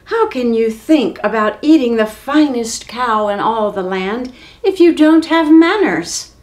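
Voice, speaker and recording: A woman's voice: a little high, lively intonation, a little slow, darkish tone. A woman voicing a bold, clever young butter maid who scolds and gives orders in a storybook reading. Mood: bossy. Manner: scolding, bossy exclamations.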